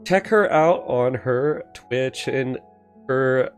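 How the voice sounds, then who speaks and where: A man's voice: medium pitch, takes it slowly, faint music behind. A man hosting a podcast, joking casually with his guest. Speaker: podcast host.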